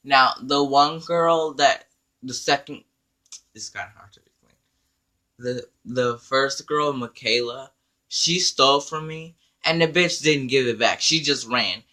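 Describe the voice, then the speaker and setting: A man telling an animated, profane story in a storytime vlog, acting out the dialogue. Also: medium pitch, unhurried. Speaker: vlogger.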